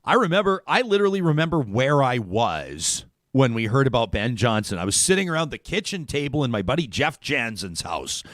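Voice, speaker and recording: A middle-aged Canadian man hosting a talk radio show, animated and chatty, reading listener comments and laughing often. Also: mid-range voice, fairly quick, few pauses, dry recording, clean studio sound.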